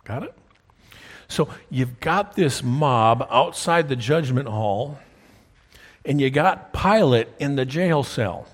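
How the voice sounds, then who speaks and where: A man with a husky voice preaches a sermon in a church, talking through a story with his congregation. He often checks in with them as he goes, asking whether they are following along. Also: medium pitch, expressive, slow. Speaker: pastor. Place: church sanctuary. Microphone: wears a clip-on mic.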